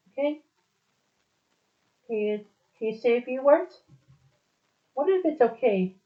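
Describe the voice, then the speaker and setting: A chatty, giggly young woman coaxes her machine companion, as a woman plays her. Her voice is high and bounces all over. The recording sounds dull and lo-fi. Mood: coaxing.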